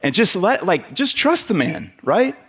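A man's voice: sits high, sing-song, unhurried, slightly rough. Preacher, male, casual sermon delivery, chatty, lots of fillers and restarts. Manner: conversational, with many fillers and restarts.

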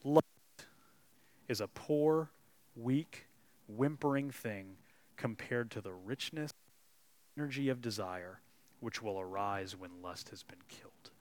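A man voicing a radiant male angel in a calm, steady tone during a sermon. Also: on the low side, slow, long pauses. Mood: solemn.

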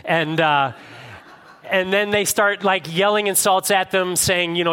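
A male pastor preaching a sermon to his congregation, telling a story with animated swings in pitch and loudness. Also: measured pace, smooth. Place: church room with a live congregation.

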